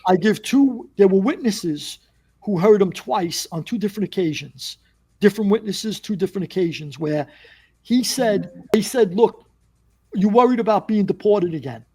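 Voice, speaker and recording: A man's voice: high voice, animated, normal speed, mellow, husky. A man with a New York accent, a former mobster guest telling stories in a casual interview and acting out the dialogue he quotes.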